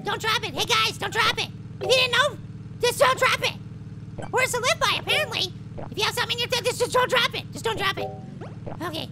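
A man voicing a tiny, excitable male cartoon apple who plays a mobile game, with frustrated outbursts and silly alliterative exclamations. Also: extremely high pitch, brisk, gravelly. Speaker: let's play gamer. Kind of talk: cartoon character game commentary. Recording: loud music under the voice.

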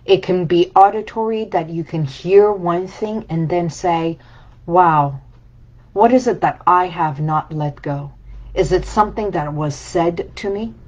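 Slow, low-voiced woman coach. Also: darkish tone. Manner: reflective and repetitive, building phrases in lists. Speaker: healing coach. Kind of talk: motivational talk. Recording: dull lo-fi sound.

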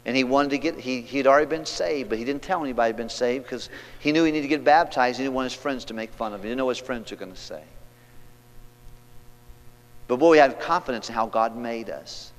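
A man's voice: medium pitch, fast. Man preaching in a reverberant church. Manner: reads scripture aloud and leads the congregation in reading; swings from loud preaching to hushed, quiet passages. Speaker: pastor. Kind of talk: sermon. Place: church sanctuary. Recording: long hall reverb, church sanctuary.

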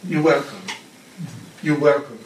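A fervent male spiritual teacher leads a class in a repetitive, preaching cadence, his voice on the high side at a measured pace. The recording is roomy and echoey, captured far from the mic, with a slight hiss or hum.

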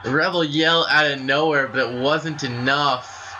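A man giving play-by-play commentary on a wrestling video game, excitable and breaking into shouts at big moves. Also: a little high, a little slow, hardly any pauses. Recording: steady background noise.

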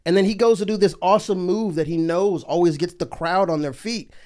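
A man's voice: high voice, a little fast, a little mellow. A man, a comedian guest on a podcast, telling rambling stories in casual chat and laughing through them.

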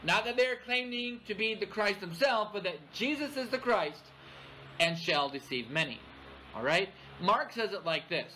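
High, bright-voiced man preaching. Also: expressive, normal speed, a little hiss or hum, low-quality recording. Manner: expository preaching, frequent "all right?" check-ins. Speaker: pastor. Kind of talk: sermon. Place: church.

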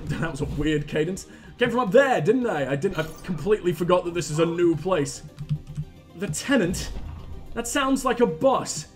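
Brief: male streamer, high voice, profane running jokes, faint game music underneath. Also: a bit bright. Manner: profane, joking, rambling asides. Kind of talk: live gameplay commentary.

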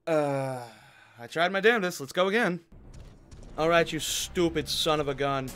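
A man's voice: on the high side, normal speed, a bit bright. A man playing a survival horror game, pleading and swearing as he commentates. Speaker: gaming YouTuber. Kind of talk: let's play commentary.

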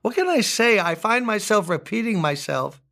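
An older man preaching a sermon as pastor, emphatic, repeating key words and rising high on his appeals. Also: expressive, moderate pace, gravelly, fairly bright tone.

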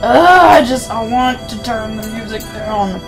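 A woman's voice: on the high side, lively intonation, a little slow, music in the background. A woman, chatting casually and rambling to her viewers while streaming a game. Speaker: streamer playing a visual novel. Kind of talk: casual live-stream chat.

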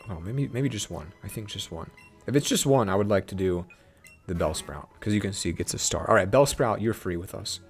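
A young man hosting a gaming channel, giving excited, playful let's-play commentary and talking to the game. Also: on the low side. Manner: hyped, playful, talks to the game.

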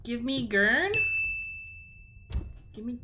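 A high, lively woman's voice, a young streamer playing a horror game and narrating every scare. She talks slowly, swears freely and chats to her viewers, with a faint hiss of noise under the voice. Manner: jumpy, swears, talks to herself and chat. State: tense and sweaty. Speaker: gaming streamer. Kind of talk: horror game playthrough commentary.

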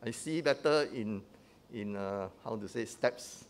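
A man's voice: fairly low pitch, unhurried. A man teaching a sermon in a conversational way, often checking in with the congregation with "huh?" and "right?" and restarting his phrases. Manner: often restarts and repeats words.

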